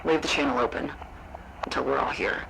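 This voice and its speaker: A woman's voice: very deep voice, brisk, gravelly, exaggerated voice. A woman voicing an impatient male agent leader who barks orders. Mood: commanding. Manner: barking orders. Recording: noisy recording.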